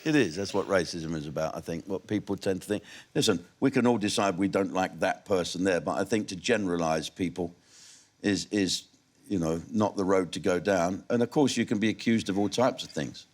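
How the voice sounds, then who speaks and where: In a television studio, an English comedian appears as a guest, answering interview questions candidly and laughing at his own punchlines. His voice is deep and a little fast.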